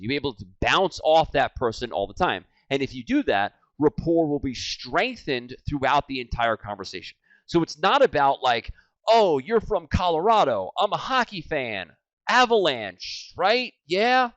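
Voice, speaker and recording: Guy in his 40s doing sales training, big swings loud to quiet, dry slightly muffled sound. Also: no echo. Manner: animated, swings between loud and hyped and low and quiet to demonstrate. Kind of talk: energetic training talk.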